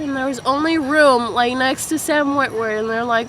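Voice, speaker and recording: A woman with a high, bright voice chats casually as a podcast co-host, her stories tumbling out in an excitable, giggly rush. Faint traffic hums in the background of this outdoor recording. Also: a little fast, few pauses. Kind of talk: casual chat.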